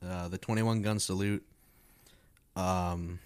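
A man's voice: low-pitched, fairly even intonation, takes it slowly, darkish tone, smooth, dry recording. A young adult man, a stand-up comedian, chatting casually in a profane, rambling way and laughing often. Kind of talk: casual podcast chat.

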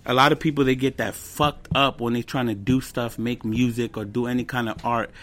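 Guesting on a relaxed podcast, the twentysomething comedian speaks in a mid-range voice at a fairly quick clip, his animated tales full of slang, swear words and snippets of Spanish.

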